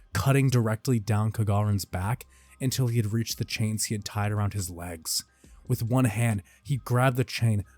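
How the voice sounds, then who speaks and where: A man with a fairly low voice narrates an action story in a dramatic, intense way. The sound is dry and close, with faint music under the narration. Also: darkish tone, dry recording. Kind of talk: dramatic fan-fiction narration.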